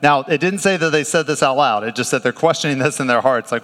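A male pastor preaching a sermon in a conversational, animated way, with laughs and restarts. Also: medium pitch, fast, hardly any pauses, in a large hall.

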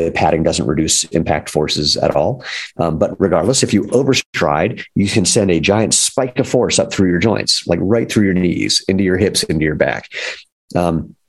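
Brief: deep-voiced man with a husky edge, founder-type guest, upbeat and wry. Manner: enthusiastic, wry asides. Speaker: footwear company founder as guest. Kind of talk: energetic explanatory talk.

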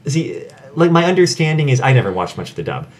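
A man's voice: mid-range voice, very animated, fast talker. Wry man explaining anime lore. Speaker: podcast co-host. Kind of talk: casual chat about anime.

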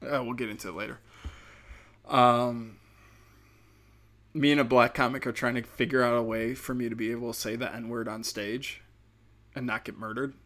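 A man's voice: mid-range voice, fairly even intonation, moderate pace, pauses often, fairly bright tone. A man, a stand-up comedian with a speech impediment, riffing in a rambling, profane podcast monologue. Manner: rambling, profane, many fillers.

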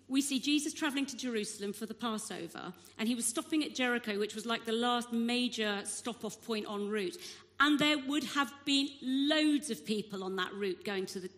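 A woman giving a sermon, telling a Bible story with expressive delivery and acting out the crowd's voices. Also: medium pitch. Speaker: preacher. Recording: long hall reverb.

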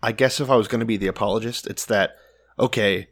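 Man, lower-pitched, co-host, irreverent Bible banter, swears a lot, slips into voices. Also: fairly even intonation, fast, slightly rough. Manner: profane, jokey, acts out voices in retellings. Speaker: podcast co-host. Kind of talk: casual irreverent Bible commentary.

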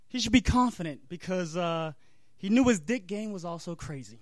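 A comedian reading a crude comic story aloud on stage, laughing and breaking off for asides. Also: male voice, sits high, animated, normal speed, no room sound.

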